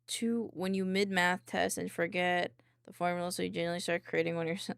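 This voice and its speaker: A woman streamer reacting to videos in casual commentary, excitable, swearing often and laughing a lot. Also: on the low side, fairly quick, vocal fry, few pauses, dry recording.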